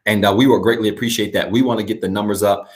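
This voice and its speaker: A male pastor speaking to his online congregation, repeating calls to action and reading a declaration slowly, pausing for listeners to repeat. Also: lowish voice, steady tone. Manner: slow, measured reading with pauses for repetition. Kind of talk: church broadcast address and declaration.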